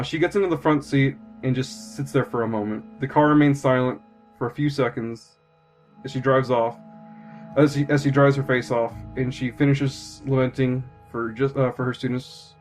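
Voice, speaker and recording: A man narrating as game master in a tabletop game, rambling and full of fillers and self-corrections. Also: mid-range voice.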